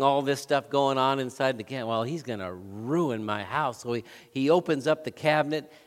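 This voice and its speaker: A man preaching a sermon as pastor, telling stories with swings from loud to hushed. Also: on the high side. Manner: lively storytelling with swings between loud and hushed. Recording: long hall reverb.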